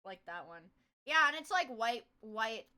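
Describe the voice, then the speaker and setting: Young woman streamer, high bright voice, rambly casual chat, swears a lot. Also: very animated, measured pace, smooth. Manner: rambling, swearing, loud bursts of laughter.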